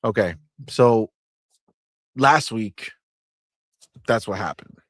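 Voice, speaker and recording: A man hosting a casual gaming podcast, animated and joking, repeating phrases and breaking into shouts. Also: lowish voice, takes it slowly, no echo. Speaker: podcast host.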